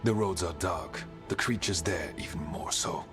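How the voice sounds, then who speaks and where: An actor playing a solemn, terse male dwarf guide who speaks in a formal, measured, ominous way. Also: deep voice, over music, lightly acted.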